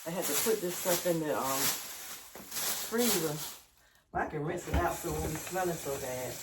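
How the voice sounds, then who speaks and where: A woman in her sixties talks softly and low while she cooks in her own kitchen, in an easygoing, chatty way. She is recorded on a phone, with a faint noise behind her voice. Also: animated, normal speed. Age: 60s. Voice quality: soft, low-spoken. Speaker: cooking vlogger. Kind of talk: casual chat while cooking. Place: home kitchen.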